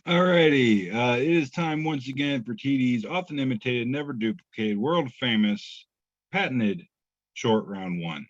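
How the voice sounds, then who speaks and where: A man's voice: mid-range voice, lively intonation, unhurried, no echo. A man co-hosting a podcast, reading memes aloud in a laid-back, chuckling, self-deprecating way. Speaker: podcast co-host. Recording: slightly muffled dry podcast audio.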